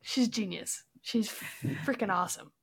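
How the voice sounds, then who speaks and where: A woman's voice: medium pitch, moderate pace, breathy edge. A woman hosting a casual book-review podcast, reading background facts aloud and laughing often. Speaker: podcast host.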